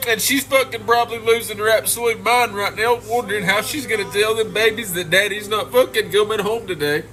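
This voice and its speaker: A man's voice: high-pitched, steady tone, brisk, bright, forceful tone, faint music behind. A man in a clip ranting angrily, with heavy swearing. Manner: angry, profane, emphatic. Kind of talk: emotional video rant.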